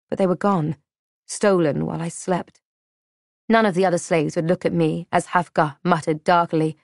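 A woman reading a first-person historical novel in a measured, dramatic way. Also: lowish voice, dry recording, clean studio sound. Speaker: audiobook narrator. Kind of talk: scripted first-person narration.

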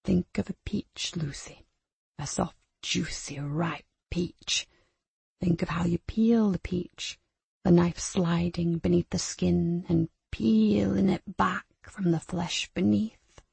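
A chilling, slow-spoken tormentor voiced by a woman who murmurs almost under her breath. The voice is low and gravelly. The recording is dry and close. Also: no echo, heavily acted. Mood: menacing. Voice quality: low hushed menacing murmur. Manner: slow, drawn-out, sinister. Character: menacing adult abuser taunting a child.

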